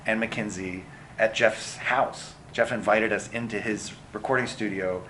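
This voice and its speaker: A middle-aged man, a film director, answering interview questions in an animated way with many fillers and restarts. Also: lowish voice, normal speed, slight background noise.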